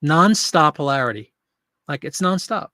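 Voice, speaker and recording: A man's voice: fairly high pitch, expressive, moderate pace, pushed and bright, no room sound. Chatty joking man in his fifties. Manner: chatty and joking, reminiscing and talking to viewers in chat. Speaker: host of a live eBay listing stream. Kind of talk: casual live-stream chat.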